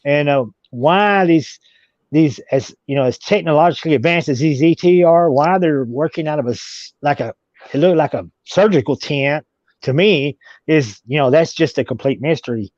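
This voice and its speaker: A man's voice: on the high side, moderate pace, a little mellow, no echo. A man telling a long story as an interview guest, rambling with many restarts. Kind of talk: casual storytelling. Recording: dull lo-fi recording.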